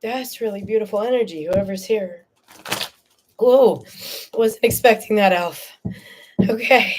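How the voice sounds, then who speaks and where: A woman giving a live tarot reading, chatty and animated, often checking in with "okay?" and "all right?", and tearful at times. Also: medium pitch, unhurried, slight background noise. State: tearful, emotional. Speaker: tarot reader.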